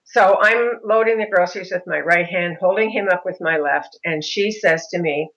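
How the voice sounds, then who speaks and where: Lively middle-aged woman telling a story. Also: on the low side, normal speed, dull audio. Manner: animated, mimics other voices in anecdotes. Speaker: mother of a son with a disability. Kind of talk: interview storytelling.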